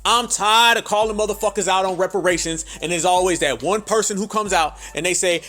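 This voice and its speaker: A man's voice: high voice, brisk, few pauses, bright, forceful tone, soft background music. A podcast host ranting hard and profanely, calling his listeners family as he drives each point home. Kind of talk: ranting commentary.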